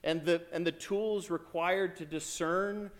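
A priest delivers a sermon in church, his voice sitting a little above the usual male pitch. He preaches in an animated, conversational way and swells in force when he acts out quoted lines. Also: unhurried.

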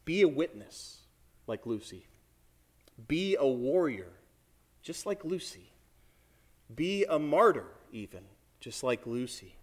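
A priest preaches a sermon in a lively, chatty manner, turning often to his listeners with direct questions. His voice sits a little high for a man. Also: slow, pauses often. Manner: lively, conversational preaching with asides to the congregation.

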